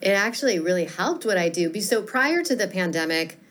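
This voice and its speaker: A woman's voice: mid-range voice, lively intonation, fairly quick, a bit bright. A woman who coaches public speaking, talking enthusiastically and chattily in a podcast interview.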